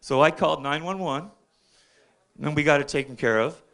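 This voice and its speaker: An older man telling loose, rambling stand-up stories into a stage mic, with a bright, forceful voice pitched a little high. He keeps checking in with the room as he talks. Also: normal speed. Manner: chatty, keeps checking in with the crowd. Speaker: open mic comedian. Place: bar stage at an open mic.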